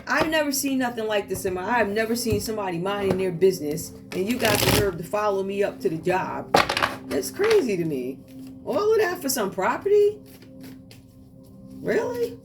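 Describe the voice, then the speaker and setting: A woman's voice: mid-range voice, animated, a little fast. A woman doing a tarot reading for viewers, talking in a sassy, outspoken way and asking the cards to speak. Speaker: tarot reader. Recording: distant mic with loud music behind.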